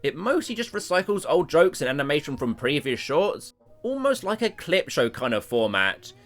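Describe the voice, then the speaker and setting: A man narrating a cartoon review video with animated, self-deprecating jokes. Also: on the high side.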